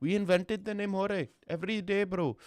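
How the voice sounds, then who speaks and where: A man's voice: high voice, steady tone, moderate pace, clear, resonant tone, no room sound, voice pushed up, lightly acted. A man putting on an indignant protesting guy. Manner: exasperated, protesting. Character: indignant man insisting on his roots.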